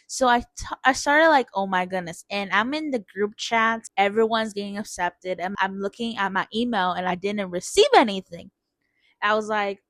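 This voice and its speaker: A young woman narrates her vlog in a relaxed, unhurried voice-over. She chats casually and keeps dropping "like" into her sentences, and she acts out her own earlier reactions. The sound is dry and close, with no room around it. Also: mid-range voice, no echo. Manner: chatty, many "like" fillers, exclaims quoted reactions. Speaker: vlogger.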